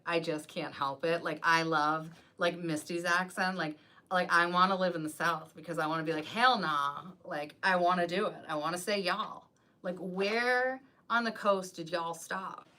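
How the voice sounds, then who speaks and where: A woman's voice: on the low side, steady tone, normal speed, bright, forceful tone. A woman who designs wreaths and coaches others, rambling in casual live-stream chat and filling her talk with "like.". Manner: rambling and chatty, full of "like".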